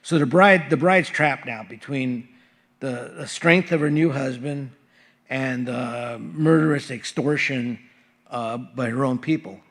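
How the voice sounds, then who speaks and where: A man's voice: medium pitch, measured pace, fairly bright tone. A male pastor reading Bible verses aloud and explaining them in a casual, conversational sermon with frequent fillers. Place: church sanctuary.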